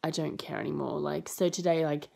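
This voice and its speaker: Young female vlogger, lower register, casual rambling delivery, fond of acting out dialogue. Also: steady tone, a little fast, vocal fry, warm tone. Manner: rambling and chatty, full of fillers; acts out quoted lines with high jumps in pitch. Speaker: au pair vlogger. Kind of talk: casual chatty vlog.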